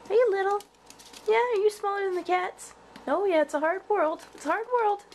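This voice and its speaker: A cat owner films her pets at home for a casual vlog, cooing to her cats and dog in sing-song baby talk and repeating little greetings again and again. Her voice is extremely high and a touch fast, with a faint hiss or hum in the recording.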